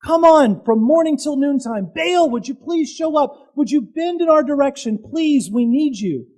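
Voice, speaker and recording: A man's voice: very high-pitched, expressive, normal speed, darkish tone, voice pushed up. A man acting out desperate prophets pleading with their god in whiny, begging cries, during a sermon.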